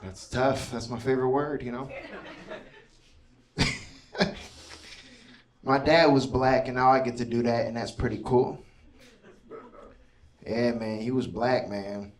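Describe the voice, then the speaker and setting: A man's voice: mid-range voice, fairly even intonation, slow pace, pauses often. A man in his thirties doing a stand-up comedy set, chatty and conversational, often checking in with the crowd. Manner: conversational, keeps asking the crowd "you know what I mean". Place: comedy club stage before a laughing audience. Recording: roomy live club sound from far off, crowd laughter.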